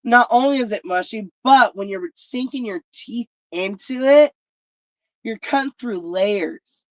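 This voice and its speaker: A woman's voice: fairly high pitch, a little slow, no room sound. A woman telling stories in a blunt, profane casual rant. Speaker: vlog host. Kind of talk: casual ranting chat. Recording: dry, dull lo-fi sound.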